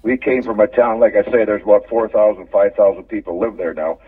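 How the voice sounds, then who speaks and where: An older Canadian former hockey player in a casual interview, rambling through stories, repeating words and chuckling. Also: male voice, on the low side, a little fast, breathy edge, dry recording. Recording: phone-line audio from a distance.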